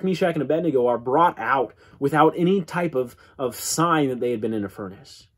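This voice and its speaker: Man, Bible class teacher, slightly high and husky voice, earnest and repetitive delivery. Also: darkish tone. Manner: earnest, repeats words when restarting, dramatic drops in pitch. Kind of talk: church Bible class lesson.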